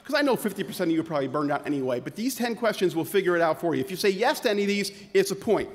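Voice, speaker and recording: A man with a fairly high voice delivers a sarcastic, punchy keynote to a conference audience. His voice rings out with a long reverb through a large hall. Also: animated, rapid-fire. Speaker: keynote speaker, physician. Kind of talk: comedic keynote talk.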